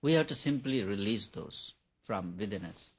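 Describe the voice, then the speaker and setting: A man's voice: on the low side, animated, moderate pace, breathy edge. A man giving an earnest, repetitive meditation lecture as a spiritual teacher. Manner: earnest, repetitive and emphatic, laughs at his own points. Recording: dull lo-fi recording.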